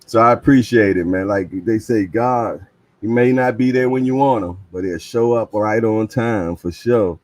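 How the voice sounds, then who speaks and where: Chill guy w/ aave hosting his stream, lowish voice, talks slangy and easy, reads chat out loud. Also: normal speed. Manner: laid-back, talkative, slangy, reads chat aloud. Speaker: livestream host. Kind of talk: casual livestream chat.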